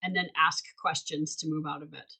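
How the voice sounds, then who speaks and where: Woman co-host, lowish voice, reflective coaching chat, halting restarts. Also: steady tone, creaky, pushed and bright, slightly rough, poor audio. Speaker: podcast co-host. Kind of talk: casual chat.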